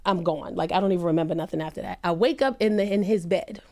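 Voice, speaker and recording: A woman's voice: quick pace, mellow. Earnest woman comedian telling a serious story. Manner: earnest, emphatic storytelling with rising pitch on quoted lines. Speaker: comedian guest. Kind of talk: podcast conversation, telling a personal story.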